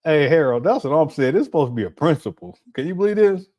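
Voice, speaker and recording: A man's voice: on the high side, expressive, fast, a little mellow. A man hosting a casual livestream, reacting to clips with frequent laughter and disbelief. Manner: laughing often, incredulous, chatty.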